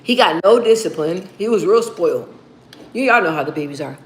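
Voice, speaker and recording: A woman chatting casually with viewers, telling stories in a slangy, animated way. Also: lowish voice, fairly quick. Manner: animated, slangy storytelling with acted-out quotes. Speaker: streamer answering viewer questions. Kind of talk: casual chat. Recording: roomy echo, faint background hum.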